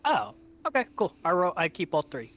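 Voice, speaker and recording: A man's voice: high voice, sing-song, moderate pace, fairly bright tone. A man playing a tabletop game, casual and joking. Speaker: player.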